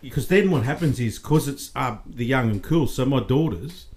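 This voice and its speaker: A man's voice: mid-range voice, lively intonation, moderate pace, a little mellow. Bantering Australian man telling stories. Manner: bantering storyteller, says mate a lot. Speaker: podcast guest. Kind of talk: casual podcast chat.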